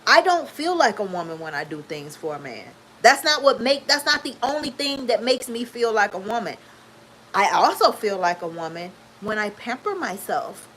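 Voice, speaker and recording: A woman's voice: medium pitch, big pitch swings, moderate pace, a bit bright, slight background noise, rough recording. A woman in her fifties talking candidly to her viewers, emphatic and preachy, repeating her points for emphasis. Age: 50s. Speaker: vlogger. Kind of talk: candid talk to camera.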